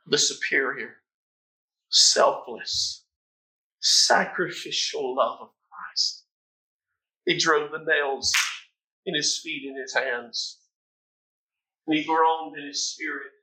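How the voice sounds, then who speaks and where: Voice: medium pitch, slow pace, long pauses, sharp tone, poor audio. A preacher delivering a sermon in a dramatic, impassioned storytelling manner.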